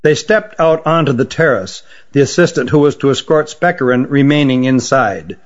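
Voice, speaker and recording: A man reading a fantasy story aloud as narrator in a measured, even way. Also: medium pitch. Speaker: audiobook narrator. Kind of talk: scripted narration. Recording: dull lo-fi audiobook recording.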